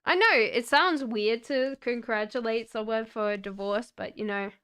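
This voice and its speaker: A young Australian woman, her accent softened by years in Britain, chatting upbeat with viewers as she gives live tarot readings. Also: a little high, moderate pace, smooth. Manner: chatty and upbeat, laughs often, talks straight to viewers by name. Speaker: tarot reader.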